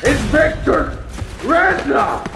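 An actor playing a vengeful Russian soldier in a game, shouting in a gravelly voice with a Russian accent. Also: male voice, very high-pitched, sing-song, very slow, over music, exaggerated voice. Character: vengeful Russian soldier bellowing his name. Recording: distant game audio with background noise.

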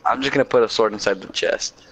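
A young man chatting casually in a multiplayer game, easygoing and quick to laugh. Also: fairly low pitch, a bit bright, slight background noise. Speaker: gamer.

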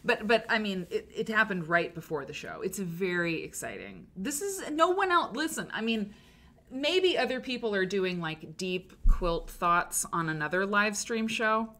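A woman hosting a live stream show, chatting excitedly and rambling with lots of fillers. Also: mid-range voice, normal speed. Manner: gushing, animated, rambling with many fillers.

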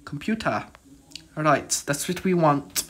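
Jumpy gamer freaking out over a horror game, talks slow and drawn out, keeps gasping oh my goodness, goes whispery when it gets tense. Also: mid-range voice, animated, a bit bright. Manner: jittery, keeps exclaiming in fright. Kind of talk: let's-play commentary.

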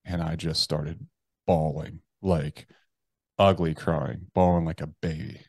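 Deep-voiced man telling a raw story. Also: flat delivery, slow, breathy edge, no echo. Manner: casual and profane, heavy use of "like" and "bro". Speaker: interview guest, army veteran. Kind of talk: casual personal storytelling.

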